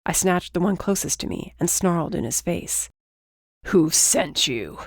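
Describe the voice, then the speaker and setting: A woman narrating an audiobook in a steady, measured reading. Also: on the low side, creaky, no echo, studio quality. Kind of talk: scripted narration.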